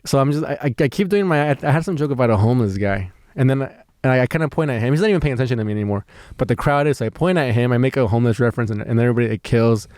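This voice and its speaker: A man's voice: mid-range voice, animated, racing, a little mellow, no echo. Rambling, swearing male comedian. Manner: rambling, swearing, lots of fillers and restarts. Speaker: comedian and podcast co-host. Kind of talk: casual storytelling chat.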